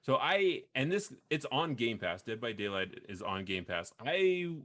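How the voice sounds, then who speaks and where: A man hosting a video game podcast in casual chat, rambling with frequent restarts and quick laughs. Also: mid-range voice, sing-song, a bit bright. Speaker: podcast host.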